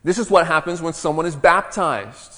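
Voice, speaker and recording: Earnest pastor with slightly high voice. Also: male voice, expressive, moderate pace, pushed and bright. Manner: earnest, teaching, often restarts words. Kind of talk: sermon. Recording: long hall reverb.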